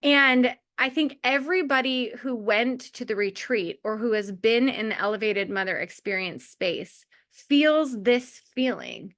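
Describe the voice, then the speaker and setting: A woman's voice: on the high side, expressive, a little slow, hardly any pauses, a bit bright. A woman in her forties giving a heartfelt motivational talk to a community of mothers, chatty and full of "like" and small laughs. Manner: chatty, lots of filler "like", laughs often.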